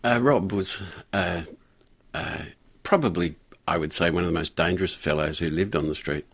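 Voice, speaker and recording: An older man speaks in a very low, gravelly voice during a radio interview. He tells his story haltingly, stopping and restarting often, and chuckling now and then. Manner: halting, many restarts and fillers, chuckles while telling. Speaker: guest, community pastor.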